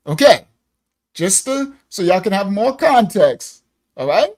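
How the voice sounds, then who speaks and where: A man with a very high-pitched voice hosts a live stream at a measured pace, offering casual, animated reaction commentary punctuated by frequent laughter.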